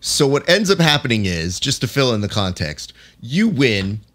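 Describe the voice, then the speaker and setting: A man's voice: mid-range voice, sing-song, moderate pace, fairly bright tone. A man hosting a casual chat, playfully critiquing a guest's celebration and acting out quotes in silly voices. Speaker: podcast host reviewing a guest's clip.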